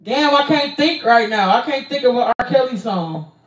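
A woman's voice: a little high, expressive, normal speed. A young woman streamer answering viewer questions in a casual, blunt, profane way, stalling with lots of ums. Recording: roomy sound, distant from mic.

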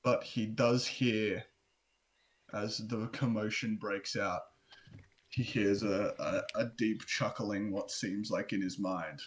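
A man playing a tabletop game who slowly describes what his character does. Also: on the low side, fairly even intonation. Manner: slow, descriptive. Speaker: player. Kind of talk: narrating his character's actions. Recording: faint background noise with clicks.

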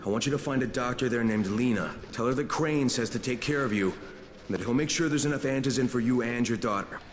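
A man voicing a calm survivor hero. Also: medium pitch, fast, big-room sound, slight background noise, natural voice. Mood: reassuring. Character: steady male survivor hero, calm and reassuring. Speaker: game character. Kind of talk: game cutscene dialogue.

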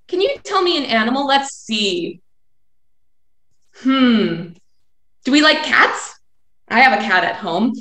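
A woman, a children's librarian, leading a live video session for kids with animated chants, songs and movement games. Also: sits high, measured pace, long pauses. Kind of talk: kids' story and activity time. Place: home, live video stream. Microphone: video call. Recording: echoey room.

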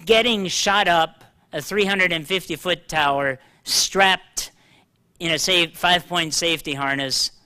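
An older man preaching a sermon, animated and joking at himself, slowing down to read scripture aloud. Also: fairly high pitch, clear, resonant tone. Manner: animated, self-deprecating, reads scripture slowly. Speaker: pastor. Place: church hall.

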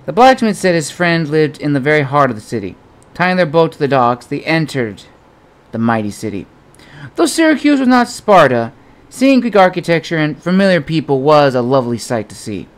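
A man narrating an adventure novel as an audiobook in a steady storytelling manner. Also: fairly high pitch, moderate pace.

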